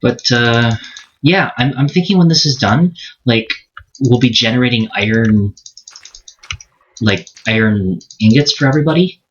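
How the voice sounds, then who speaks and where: A man's voice: mid-range voice, moderate pace, pauses often. A man hosting a casual gaming chat, rambling with fillers and restarts and laughing often. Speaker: let's play host. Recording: lo-fi mic with keyboard clicks and hiss.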